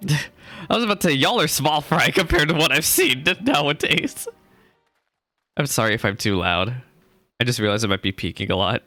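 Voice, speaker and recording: Guy doing let's-play chatter, laughs a lot, middle pitch, dry close mic. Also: lively intonation, moderate pace, sharp tone, no room sound, faint music behind. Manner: chatty, laughs often, swears mildly. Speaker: gamer reading quest dialogue aloud. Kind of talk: casual let's-play commentary.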